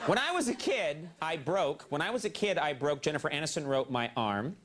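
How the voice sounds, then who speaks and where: A man's voice: on the high side, expressive, fairly quick, crowd noise. A man in his forties hosting a late-night show, reading mock survey answers with wry, mock-serious punchlines. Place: TV studio stage before a live audience. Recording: TV broadcast with loud audience laughter. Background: studio audience laughing.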